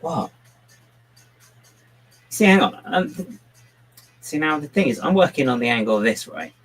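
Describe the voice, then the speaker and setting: A man's voice: fairly high pitch, lively intonation, normal speed, husky, low-quality recording. A man chatting casually on a live stream while building, muttering to himself and to a pet on his lap. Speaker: livestreaming brick builder.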